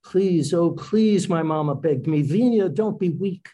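A man's voice: fairly high pitch, lively intonation, a little slow, warm tone, a little hiss or hum. A man reading aloud a sonnet spoken by a coy young woman as she confides a youthful scandal in rhymed verse.

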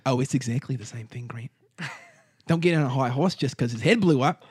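A man's voice: mid-range voice, moderate pace, darkish tone, slightly rough, no echo, lightly acted. A man voicing a menacing, condescending bald gang boss who lectures and taunts in a tabletop game. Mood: menacing taunting. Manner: taunting, lecturing, repeats the listener's name.

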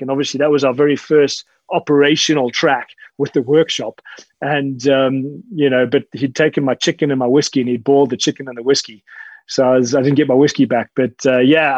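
A man's voice: medium pitch, no room sound. Casual interview guest, a man, rambling, dry and slightly dull sound. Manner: relaxed, rambling, frequent fillers and restarts. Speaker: interview guest, dog handler and tracker.

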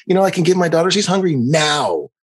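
A man mimicking a meek, overly permissive father who talks in a soft, pleading way. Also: a little high, big pitch swings, quick pace, breathy edge. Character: meek pushover dad, eager to please.

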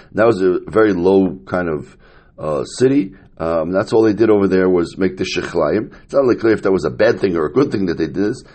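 A man with a low, slightly mellow and slightly rough voice teaches a Talmud lesson, reading the Aramaic and translating it line by line. His manner is casual and explanatory, with many fillers and Yiddish-Hebrew terms.

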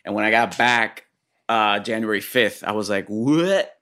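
A man's voice: lowish voice, flat delivery, moderate pace, sharp tone, smooth. A man, an actor and comedian, chatting casually as a podcast guest and telling a long rambling story with lots of restarts.

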